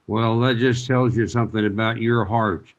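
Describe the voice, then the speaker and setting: A man's voice: lowish voice, steady tone, normal speed, highs cut off. A man hosting an interview, asking his guest questions in a friendly, encouraging way. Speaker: interview host. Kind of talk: conversational interview.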